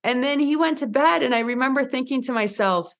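A woman in her forties telling her story as an interview guest, lively and laughing often, acting out quoted lines with big jumps in pitch. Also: a little fast. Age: 40s. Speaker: guest, mountaineer and speaker.

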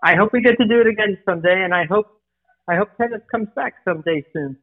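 A woman's voice: medium pitch, fast, phone-quality sound. A woman in her sixties, a guest tennis commentator, talking reflectively and affectionately in a casual conversation.

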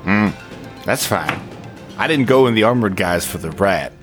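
Casting: male player, goofy and excitable, voice swings all over, faint music behind. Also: fairly low pitch, normal speed. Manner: excitable, goofy, bursts into laughs and exclamations. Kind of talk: playing a tabletop game.

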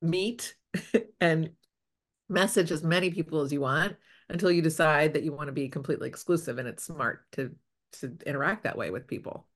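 An interview host who coaches daters, speaking with warm praise and giving plain dating advice. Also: mid-range voice, moderate pace. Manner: enthusiastic and encouraging, advising plainly. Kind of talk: casual interview talk.

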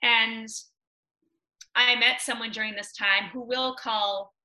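A young woman on a podcast telling a personal story in a chatty way, full of "like" and loud acted-out quotes. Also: on the high side, steady tone, slow pace, low-quality recording. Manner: chatty, many "like" fillers, acts out quotes loudly. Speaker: podcast guest.

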